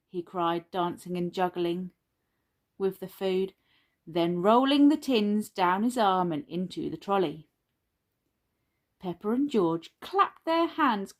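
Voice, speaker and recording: A woman reading a children's storybook aloud in a gentle, expressive manner. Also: fairly low pitch, slow.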